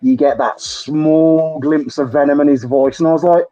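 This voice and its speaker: A British man hosting a podcast, chatting excitably with lots of laughter and swearing. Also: on the high side, moderate pace, highs cut off, faint music behind. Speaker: podcast host. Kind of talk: casual chat.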